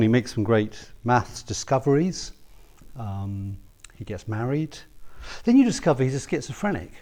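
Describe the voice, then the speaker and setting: A man preaching a sermon, earnest and personal, rising to emphatic peaks and dropping to soft, quiet asks. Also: medium pitch.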